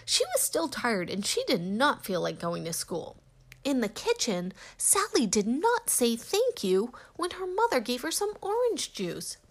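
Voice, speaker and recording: A woman narrating a children's storybook aloud with gentle, expressive reading. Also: on the high side, measured pace.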